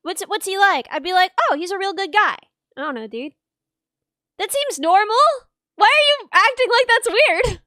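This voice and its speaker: A woman's voice: extremely high pitch, expressive, moderate pace, pushed and bright, no room sound, clean studio sound. A woman streamer chatting casually and teasing her friend bluntly, laughing often. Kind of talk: casual chat on a live stream.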